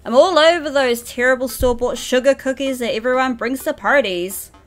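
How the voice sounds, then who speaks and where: In a high voice and at a brisk pace, a young New Zealand woman streams a game live. She is giggly and chatty with viewers, laughing often and voicing the game's lines playfully.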